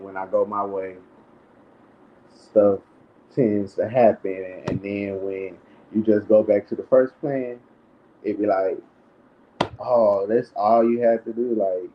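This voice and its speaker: A man's voice: low voice, level tone, slow, pauses often, highs cut off, slight background noise. A man talking earnestly and reflectively as a guest in a casual chat.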